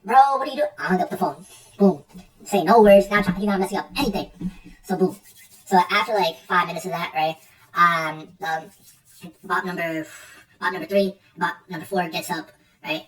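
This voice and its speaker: A young male streamer with a high, fairly bright voice tells a casual, rambling tale packed with slang and swearing, frequently repeating himself. Faint music plays under a distant mic.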